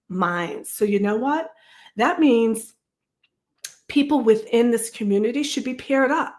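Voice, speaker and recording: A woman hosting her own live stream, talking casually and rambling, with frequent restarts and asides to the chat. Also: medium pitch. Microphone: streaming setup.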